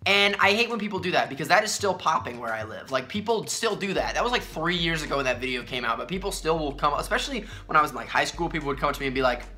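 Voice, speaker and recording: A man's voice: a little high, animated, quick pace, hardly any pauses, pushed and bright. A young man ranting casually on a sneaker vlog, profane and exasperated, acting out the people he quotes. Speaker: sneaker vlogger. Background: faint music.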